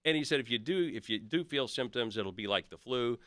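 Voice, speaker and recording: A man's voice: mid-range voice, animated, a little fast, fairly bright tone, no echo, studio quality. A man in his fifties, a podcast guest, telling stories in casual chat and quoting others in his own voice. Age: 50s.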